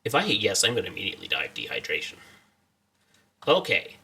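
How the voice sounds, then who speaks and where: A man's voice: sits low, wildly swooping pitch, fast talker, creaky, pushed and bright, husky. A young man streaming a video game, joking and rambling as he chats to his viewers in a casual way. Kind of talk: casual let's-play commentary.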